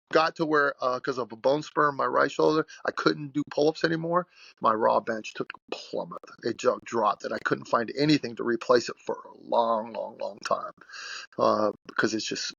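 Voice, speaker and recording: A man's voice: mid-range voice, gravelly, sharp tone, no echo, lo-fi sound. A man in his sixties, a strength coach being interviewed, telling stories bluntly and with animation. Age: 60s. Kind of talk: podcast interview storytelling.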